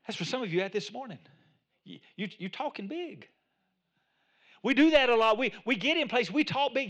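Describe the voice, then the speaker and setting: A pastor preaching a sermon, swinging between loud calls and quiet, chuckling asides as he acts out a prayer. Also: high-pitched, lively intonation, moderate pace, long pauses.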